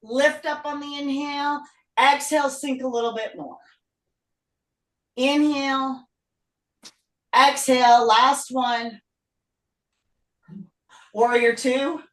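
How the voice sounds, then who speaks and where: A high-voiced woman leads a yoga class over a video call, calling out unhurried breath and pose cues while she moves through the poses herself. She sounds short of breath. Her voice comes from a distance in an echoey room. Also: fairly even intonation. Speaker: yoga teacher. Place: home room.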